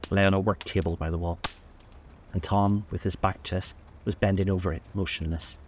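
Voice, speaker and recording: A male host reading a classic novel aloud in a measured, unhurried way. His voice is very deep, and his delivery stays steady throughout. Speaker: narrator, host. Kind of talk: audiobook-style novel reading.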